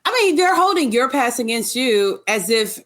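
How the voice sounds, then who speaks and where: A woman's voice: on the high side, expressive, normal speed, fairly bright tone. A woman co-hosting a casual podcast, reacting bluntly and with exasperation to a reality show. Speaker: podcast co-host. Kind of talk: casual recap chat.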